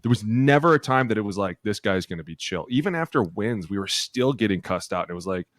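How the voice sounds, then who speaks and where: A lower-pitched American man talking loosely on a podcast, blunt and profane, spinning animated stories from his time in the league. The recording is dry and close, with no room sound around his voice. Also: fast talker, no echo. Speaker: podcast co-host, former NFL offensive lineman. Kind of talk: casual chat.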